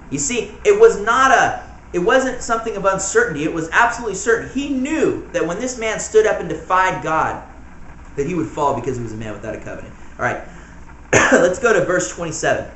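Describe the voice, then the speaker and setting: A man's voice: sits high, lively intonation, a little fast, fairly bright tone. A man preaching an informal home church sermon, conversational and full of "you know" asides and chuckles. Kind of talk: informal sermon, Bible study teaching. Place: small room in a house church. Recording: echoey room, faint background noise.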